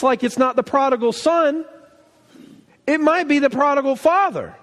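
A man preaching a sermon, telling a story with animated delivery and acting out quoted lines. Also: very high voice, moderate pace, long pauses, in a large hall. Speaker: pastor.

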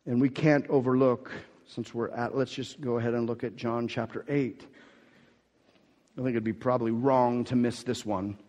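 A man's voice: medium pitch, fairly even intonation, normal speed, a little mellow. A man preaching a sermon in an emphatic, conversational way, restarting and repeating words as he goes. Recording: long hall reverb.

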